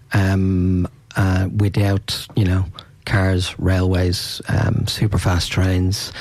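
A man's voice: low voice, gravelly, darkish tone, breathy edge, no echo. A man hosting a casual radio chat, enthusiastic and rambling, with many fillers. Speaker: radio host.

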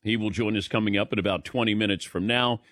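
A man hosting a sports talk radio show, running through the weekend's results in a brisk, wry rundown. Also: on the low side, steady tone, fairly bright tone, no echo, clean studio sound.

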